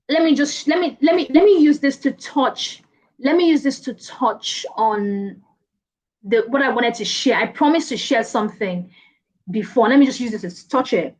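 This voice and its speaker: A woman giving speaking advice as a guest in a casual online interview, lively and playful, often laughing. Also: sits high, normal speed, poor audio. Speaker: guest speaker, presentation coach.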